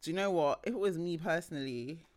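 A woman co-hosting a podcast about motherhood, chatting with friends. She tells stories in an animated, rambling way, often restarting her sentences. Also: low-pitched, fast talker. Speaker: podcast co-host. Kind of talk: casual chat.

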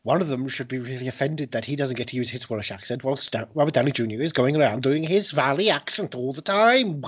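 A man co-hosting a podcast, chatting casually with jokes, swearing and quick impressions. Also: medium pitch, breathy edge. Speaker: podcast co-host. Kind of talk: casual chat.

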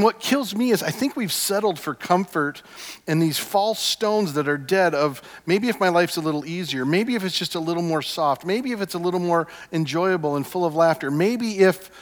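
A man preaching a sermon as a pastor, emphatic, with repeated refrains that swing from hushed to loud. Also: fairly high pitch. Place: church sanctuary. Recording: long hall reverb.

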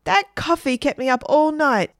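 A woman voicing a grumpy, complaining dad, pitched high above her reading voice. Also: normal speed, no room sound, clean studio sound, close to an everyday voice. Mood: angry. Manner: indignant, complaining.

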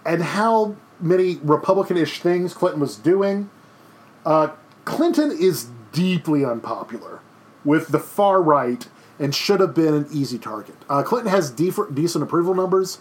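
A man in his thirties lecturing his class from home, chatty and meandering, full of restarts and fillers. His voice sits a little high for a man. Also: lively intonation, normal speed. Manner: rambling, conversational, many fillers and restarts. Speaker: teacher. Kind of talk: recorded history lecture. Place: home during quarantine.

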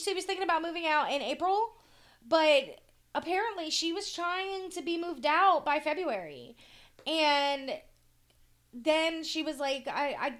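A woman's voice: high voice, fairly bright tone. A woman, chatting candidly and emotionally as a podcast co-host, swearing freely and tearful. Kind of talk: casual chat.

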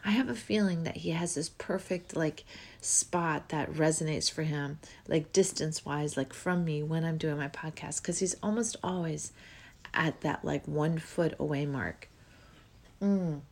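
Slow, breathy woman musing dreamily. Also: low-pitched. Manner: dreamy, musing, with frequent yawns and soft trailing words. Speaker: podcast host. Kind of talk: spiritual podcast monologue.

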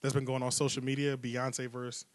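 A man hosting a podcast with a relaxed, joking manner and a lot of slang. His voice sits in the middle range. It is recorded close and dry. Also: mid-range voice, brisk, dry recording. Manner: laid-back, joking, slangy. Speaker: podcast host. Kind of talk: casual chat.

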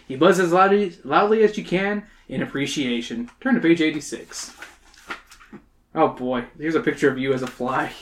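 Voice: mid-range voice, moderate pace. Podcast host, casual read-aloud, joking asides, storybook narration.

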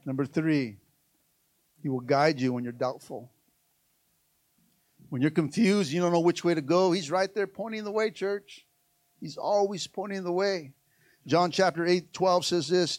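High-voiced pastor preaching to church. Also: male voice, no room sound. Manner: preaching, swinging from shouted exhortation to soft hushed tones; calls out to the church. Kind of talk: sermon.

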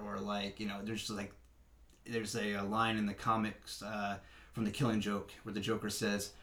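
A man's voice: on the low side, completely flat delivery, moderate pace, a bit bright. A man chatting casually on a podcast, rambling through pop-culture talk with many fillers. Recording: roomy room sound.

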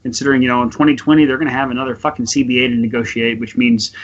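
A man's voice: medium pitch, level tone, very fast, lo-fi sound. A man co-hosting a podcast in casual chat, rambling and sweary, with many restarts. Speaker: podcast co-host.

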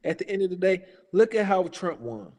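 A man's voice: sits high, big pitch swings, fairly quick, a little mellow, long reverb tail. Heated profane man in his thirties. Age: 30s. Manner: heated, profane, emphatic, repeats himself. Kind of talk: casual political rant.

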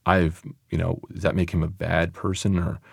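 A man's voice: sits low, flat delivery, normal speed, vocal fry, slightly rough, no room sound, studio quality. A man, a comedian, telling a personal story in a casual, conversational way with loose phrasing.

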